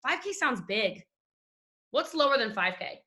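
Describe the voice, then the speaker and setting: Brief: high-pitched Southern woman, bright tone, gushing team-leadership pep talk from home. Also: a little slow. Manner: animated, gushing, talks straight to listeners. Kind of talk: energetic motivational talk on a call. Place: at home desk. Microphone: video call.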